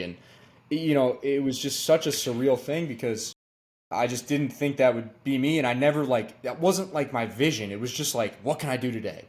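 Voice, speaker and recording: A young man, a podcast guest, telling stories in casual slangy chat, excited and acting out quotes with jumps in his voice. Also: on the low side. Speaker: podcast guest, former quarterback.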